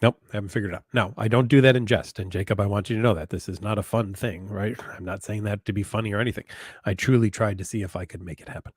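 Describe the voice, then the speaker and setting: Man with a lowish voice, psychologist taking live questions, earnest and repetitive, deliberate on key points, dry room. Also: fairly even intonation, breathy edge, dry recording. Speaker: psychologist answering viewer questions. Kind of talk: live online Q&A advice.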